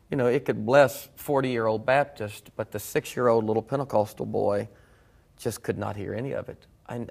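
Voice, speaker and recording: A middle-aged man, appearing as a guest preacher, earnestly shares his personal testimony during a reflective conversation. His voice is on the low side, gravelly and darkish in tone.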